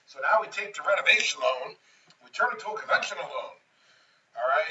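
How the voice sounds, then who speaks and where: A man with a sharp, very bright, fairly high voice tells a deal story with swearing and acted-out dialogue. He sounds distant in an echoey room, and the recording is dull and lo-fi. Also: a little fast. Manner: animated, profane, acts out both sides of a dialogue. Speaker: real estate agent. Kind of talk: storytelling to camera.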